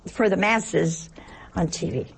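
Gravelly older nun giving a chatty sermon. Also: female voice, lowish voice, animated, takes it slowly. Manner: chatty, asks rhetorical questions, tells anecdotes. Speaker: nun giving a religious talk. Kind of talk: conversational sermon.

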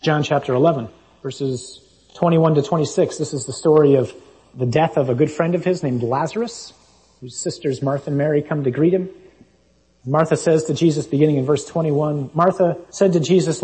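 Emphatic male preacher with a mellow voice. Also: mid-range voice, fairly even intonation, normal speed, rough recording. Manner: emphatic, reasoning, reads scripture aloud. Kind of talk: sermon.

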